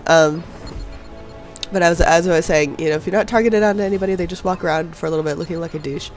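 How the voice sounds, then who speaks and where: A man's voice: fairly high pitch, fast. A young man with a stuffy nose from a cold, chatting casually and laughing as he narrates his own gameplay. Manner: chatty, self-deprecating, laughs often. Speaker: gameplay commentator. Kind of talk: casual voice-over game commentary. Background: faint background music.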